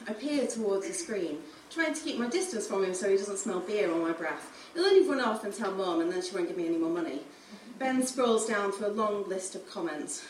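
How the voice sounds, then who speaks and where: A woman's voice: mid-range voice, sing-song, brisk. A woman reads a first-person novel aloud in a wry voice that swings up and down. The sound is roomy and distant, with faint noise behind. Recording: roomy room, distant mic.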